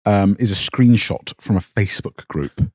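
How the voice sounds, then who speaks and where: Co-host: man, lowish voice, dry teasing delivery, close dry mic. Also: normal speed, a little mellow, no echo. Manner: dry, teasing banter, reads out a list. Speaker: podcast co-host. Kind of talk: casual chat.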